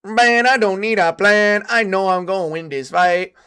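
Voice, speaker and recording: A man's voice: sits high, moderate pace, pushed and bright, smooth, pitched above the performer's own voice. A man on a livestream doing a put-on voice of a cocky, confident young male fighter who talks in a brash, dismissive way.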